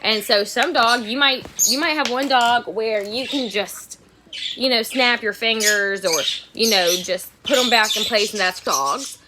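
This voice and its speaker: A woman's voice: fairly high pitch, a little slow, noisy background. Frank woman dog trainer on a livestream. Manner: frank, repeats herself, chatty. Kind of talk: casual livestream chat. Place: home, getting ready for work. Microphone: phone or camera at arm's length.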